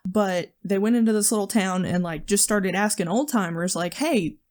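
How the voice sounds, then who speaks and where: A woman's voice: mid-range voice, steady tone, moderate pace, a little mellow. A woman with a Southern US accent, co-hosting a podcast in casual chat, talking easily with lots of fillers and laughs. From American South. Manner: chatty, frequent "um" and "like", laughs easily. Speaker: podcast co-host.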